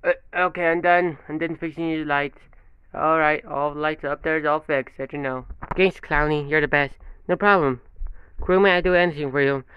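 A man's voice: on the high side, fairly even intonation, moderate pace, smooth, no echo, lightly acted. A man voicing a nervous young groom and his friends in hobby voice acting, rambling and repetitive. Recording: dull lo-fi with faint music.

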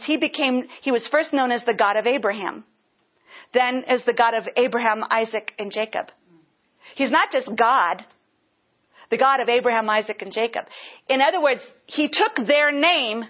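A woman teaching a Bible lesson earnestly, breaking into bursts of praise. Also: a little high. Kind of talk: teaching sermon. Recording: dull lo-fi sound.

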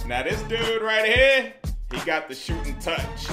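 A man, calling out a basketball video game in loose, excitable slang. He shouts at his on-screen teammates and keeps up a running commentary. The voice sounds roomy and echoey, with game music playing underneath. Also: sits high, a little slow. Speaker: gaming YouTuber. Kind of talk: casual gameplay commentary.

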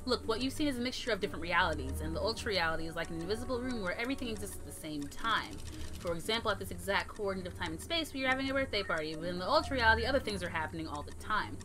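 A woman voicing a polite, scheming male skeleton gentleman from a video game, speaking calmly and formally as he lectures. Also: mid-range voice, very fast, music in the background, lightly acted. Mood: explaining.

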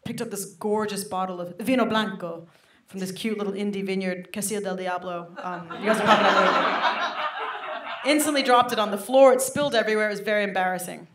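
Woman comedian, young, self-mocking stand-up, echoey room, loud audience. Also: mid-range voice. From England. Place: comedy club stage. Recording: roomy live club recording with audience noise.

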